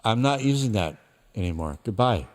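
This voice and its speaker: A man's voice: on the low side, expressive, moderate pace. A man talking casually through his mixing session on a live stream, rambling and thinking aloud with a self-deprecating streak. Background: faint music playback from his mix.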